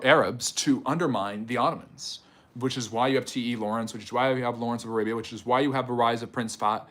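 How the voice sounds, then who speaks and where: A man's voice: medium pitch, fairly bright tone. Chatty man giving a livestream history lecture. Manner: conversational, quick rebuttals with frequent fillers and restarts. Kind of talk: livestream lecture answering chat.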